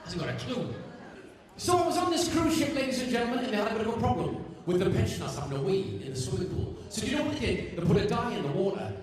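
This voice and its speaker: A man with a Geordie accent, a stand-up comedian firing off quick one-liners and bantering with his audience at a live show. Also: high voice, very animated, crowd noise. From Newcastle, England. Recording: echoey hall, mic far, audience noise.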